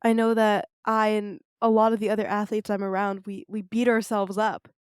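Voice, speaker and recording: A woman's voice: mid-range voice, level tone, normal speed, clear, resonant tone, no room sound, clean studio sound. A teenage girl hosting a podcast, talking earnestly and reflectively, with frequent "like" fillers. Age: teens. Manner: earnest, reflective, says "like" often. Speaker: podcast host. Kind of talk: interview conversation.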